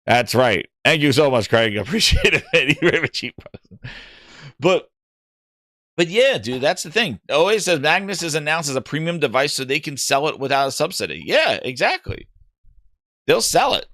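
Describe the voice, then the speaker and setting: A man's voice: on the high side, very animated, moderate pace, pushed and bright, dry recording, studio quality. A man hosting a gaming livestream, talking casually, reading chat aloud and joking in mocking voices.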